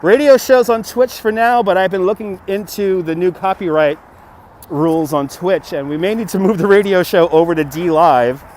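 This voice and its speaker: High-pitched and darkish in tone, this man speaks at a normal speed with a little hiss or hum behind him. He hosts a casual livestream outdoors by a city river in the style of a Brooklyn, New York local, reading viewers' messages out loud and thanking donors from a gimbal-held phone.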